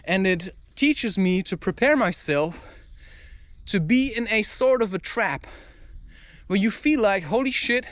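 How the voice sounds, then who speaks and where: High-voiced man ranting energetically outdoors. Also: expressive, measured pace, fairly bright tone, dry recording. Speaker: vlogger. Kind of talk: walking vlog talk to camera. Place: outdoors in a park. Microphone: camera mic.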